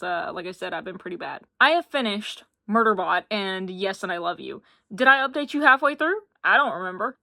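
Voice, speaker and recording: With a mid-range voice that sounds pushed and bright, this young Appalachian book vlogger gushes about books in a casual chat, chatty and self-deprecating. The sound is clean studio quality with no room sound.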